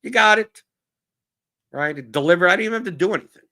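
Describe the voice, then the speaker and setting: Gravelly, profane man ranting. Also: high-pitched, animated, fast talker, bright, forceful tone. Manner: blunt, profane, exasperated riffing. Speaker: podcast host answering viewer questions. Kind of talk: casual ranting Q&A monologue.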